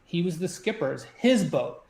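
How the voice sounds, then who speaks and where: A man's voice: high-pitched, animated, moderate pace, a little mellow, roomy sound. A man, a former submarine officer, telling a story in a chatty way, full of "you know" and "like" and many restarts. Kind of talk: conversational storytelling.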